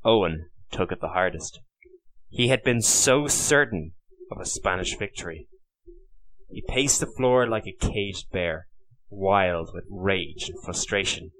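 A man reading a historical novel aloud as an audiobook narrator, in a measured storytelling manner. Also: low voice, expressive, fairly bright tone. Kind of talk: scripted narration.

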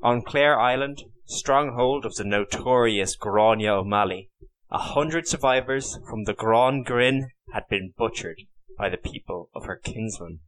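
A man reading a historical novel aloud as an audiobook narrator, in a measured storytelling manner. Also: medium pitch, a bit bright. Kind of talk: scripted narration.

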